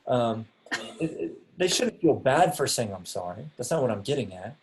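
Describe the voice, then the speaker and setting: A man's voice: mid-range voice, lively intonation, normal speed, a little hiss or hum. A young man teaching a class over a video call, speaking casually with many ums and restarts.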